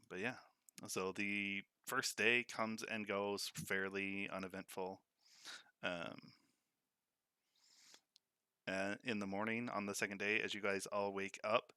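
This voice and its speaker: A man with a low, bright voice narrates a tabletop game as its game master. He breaks into chuckles often, and his voice sounds clear and dry. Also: no room sound.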